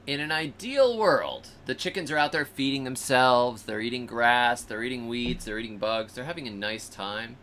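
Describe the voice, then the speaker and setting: A man hosting a show, telling a story in a lively, swooping voice with a bright, forward edge. He breaks into funny character voices now and then. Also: medium pitch, normal speed, hardly any pauses, a little hiss or hum. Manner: animated, acts out animals and people in funny voices. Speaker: host. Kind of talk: casual storytelling.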